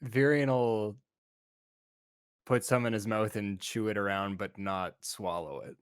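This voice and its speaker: Slow, hesitant man playing a tabletop game. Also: fairly low pitch, steady tone, clear, resonant tone, dry recording. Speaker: tabletop player. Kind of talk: casual tabletop play.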